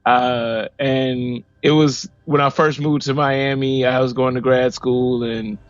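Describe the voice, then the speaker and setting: A man in his forties from Missouri, a podcast guest telling a personal story in a lively, casual way and acting out what people said. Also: medium pitch, slow pace, no echo. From Missouri, USA. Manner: animated, acts out quoted dialogue. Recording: dull lo-fi audio with faint music.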